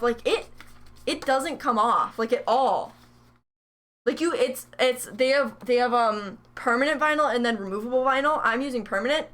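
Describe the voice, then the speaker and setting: A woman's voice: fairly high pitch, fairly bright tone. A young woman chatting casually on a live stream while crafting, rambling and joking at herself, with the hiccups. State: has the hiccups. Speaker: livestreaming crafter.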